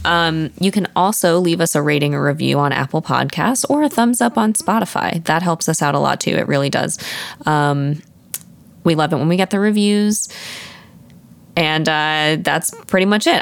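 Female co-host, deep with vocal fry, dry humor, relaxed chat. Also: moderate pace. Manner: wry, joking asides. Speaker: podcast co-host. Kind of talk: casual chat.

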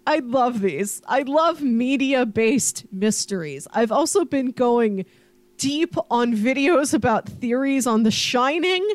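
A woman's voice: fairly high pitch, lively intonation, slow pace, no room sound. A young woman co-hosting a podcast, chatting enthusiastically with lots of "like" fillers. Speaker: podcast co-host. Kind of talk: casual podcast chat.

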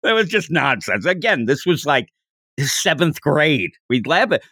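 A man co-hosting a casual podcast, rambling and animated, breaking into high quoted voices now and then. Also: a little slow, breathy edge, dry recording, clean studio sound. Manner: rambling, with restarts. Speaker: podcast co-host.

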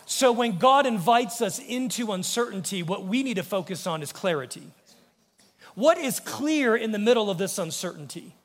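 An American pastor preaches an earnest sermon from the pulpit in a fairly high voice with lively intonation and a moderate pace. Whenever he quotes something, his voice drops soft and low, and the church sanctuary gives everything a long, ringing reverb.

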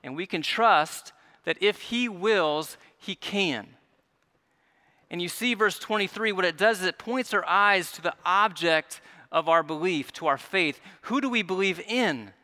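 A male pastor preaching a sermon in an earnest way, often repeating words as he restarts, dropping soft and rising again. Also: high-pitched, unhurried. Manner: earnest, stumbling repetitions, drops soft then rises.

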